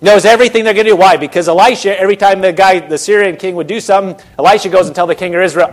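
A man preaching a sermon, retelling a scripture story in casual, animated voices. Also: high-pitched, racing, hardly any pauses.

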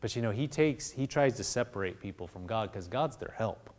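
A male pastor preaching a sermon in a conversational way, acting out little dialogues and dropping to hushed intensity. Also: lowish voice, brisk. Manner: animated preaching, acts out voices of God and people.

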